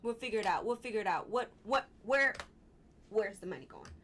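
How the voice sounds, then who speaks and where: Animated young woman ranting on a stream. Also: medium pitch, a little fast. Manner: gets worked up, repeats questions, fussing then apologizing. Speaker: live stream host. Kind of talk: casual political commentary.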